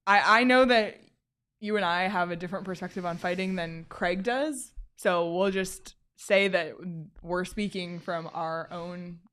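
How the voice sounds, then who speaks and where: A woman's voice: lowish voice, a little slow, a bit bright, clean tone. A young woman hosting a sports podcast in an upbeat, easygoing way, welcoming listeners and introducing topics. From United States. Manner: upbeat, easygoing, reading notes aloud. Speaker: podcast host.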